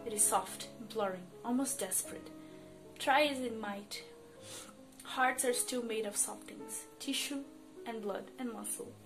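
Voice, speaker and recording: A woman reading fan fiction aloud, narrating expressively with emotion. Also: a little high. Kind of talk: dramatic story reading. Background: soft music.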